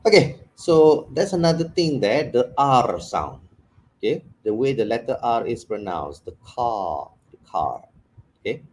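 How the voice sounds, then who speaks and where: A middle-aged man leads an English pronunciation workshop, his fairly low voice leaping up and down in animated emphasis. He drops into Malay asides now and then, and a faint hum sits under the recording. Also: rough recording. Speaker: English communication trainer. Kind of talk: live workshop lecture.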